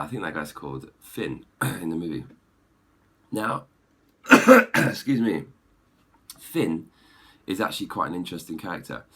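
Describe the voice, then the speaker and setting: A man giving an exasperated, opinionated film review rant, clearing his throat often. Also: deep voice, a bit bright. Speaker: movie reviewer.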